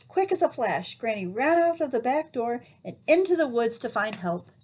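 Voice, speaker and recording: A woman reading a children's storybook aloud, expressive, pausing to ask her listeners questions. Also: on the high side, slight background noise.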